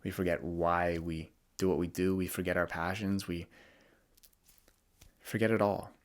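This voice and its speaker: A young man hosting a podcast, talking candidly and vulnerably in a reflective monologue, often halting and restarting. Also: low-pitched, flat delivery. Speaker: podcast host.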